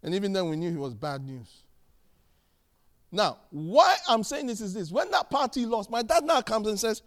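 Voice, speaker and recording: A man preaching a sermon, emphatic and animated, telling stories and repeating key phrases. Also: high voice, moderate pace. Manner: animated storytelling, acting out dialogue.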